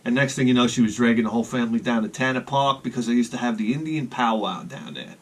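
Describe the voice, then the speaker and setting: A man's voice: medium pitch, fast talker. A middle-aged man spins a loose, rambling story in casual talk. He keeps restarting his sentences and chuckles at his own jokes, in an ordinary mid-range voice.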